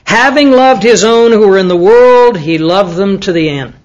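A man with a high voice gives a Bible lesson to a class of students. He talks in an easy, conversational way and often puts questions to his listeners. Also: expressive, moderate pace, muffled recording. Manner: conversational, asks the audience questions, with fillers. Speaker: Bible teacher.

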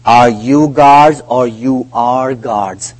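A man preaching a sermon in a slow, deliberate way, with non-native grammar, who retells conversations in a lowered voice. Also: darkish tone, low-quality recording.

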